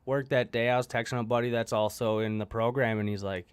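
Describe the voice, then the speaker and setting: A man's voice: medium pitch, fairly even intonation, quick pace, clean tone, dry recording. A young man telling his recovery story bluntly, swearing often and laughing at himself. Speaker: guest sharing recovery story. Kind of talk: candid storytelling.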